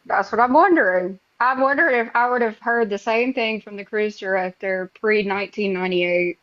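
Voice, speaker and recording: Lively storytelling woman, dry lo-fi sound. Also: medium pitch, normal speed, dry recording. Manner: animated storyteller, acts out her own past reactions. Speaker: podcast host. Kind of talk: casual chat.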